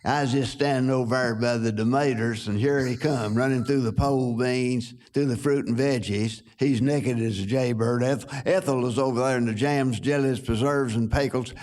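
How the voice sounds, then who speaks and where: An older man putting on the voice of an excited eyewitness in a supermarket, hollering. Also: moderate pace, few pauses, lightly acted. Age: 80s. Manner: high hollering excited drawl.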